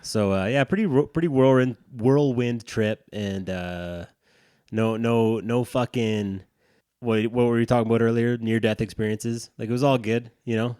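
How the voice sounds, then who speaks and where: A man's voice: medium pitch, moderate pace, mellow, smooth, dry recording, clean studio sound. A man co-hosting a dads' podcast, telling a rambling, profane story in casual chat. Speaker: podcast co-host.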